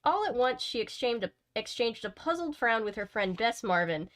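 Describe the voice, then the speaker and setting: A woman's voice: a little high, big pitch swings, normal speed. A woman hosting a book channel, reading a novel aloud at home and breaking off for chatty, self-mocking asides. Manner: chatty, laughs at herself, digresses often. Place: home editing room.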